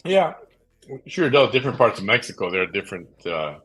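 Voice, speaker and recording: A man hosting a late-night talk show, chatting casually in a rambling way with many fillers and pauses. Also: lowish voice, sing-song, fairly bright tone, breathy edge, low-quality recording. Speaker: podcast host.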